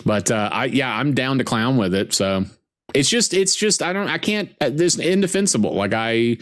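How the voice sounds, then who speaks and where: A man hosting a casual movie watch-along podcast, chatting in a jokey, animated way. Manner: animated, jokey, quick pitch jumps. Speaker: podcast host.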